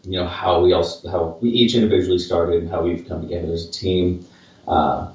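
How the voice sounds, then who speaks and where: A low-voiced man in his late twenties chats loosely on a podcast, circling back on himself with plenty of fillers and self-mocking asides. He sits well back from the mic in a very echoey room. The sound is dull and muffled. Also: steady tone, a little fast, distant mic. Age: late 20s. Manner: rambling and self-deprecating, with many fillers and restarts. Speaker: podcast co-host, paranormal investigator. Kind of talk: casual podcast chat.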